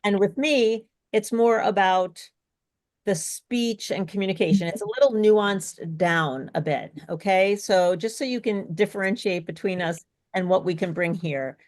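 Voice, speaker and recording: A woman's voice: medium pitch, measured pace, a little mellow. A woman speech coach presenting an online workshop, encouraging and checking in with her co-presenter and the audience. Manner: encouraging, asks checking questions. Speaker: speech coach, co-host of webinar.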